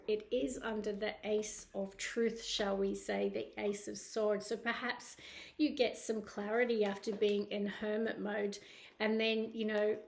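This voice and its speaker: A woman with a Scottish accent giving a casual tarot reading, chatty, with many fillers and tag questions. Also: mid-range voice. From Scotland. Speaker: tarot reader.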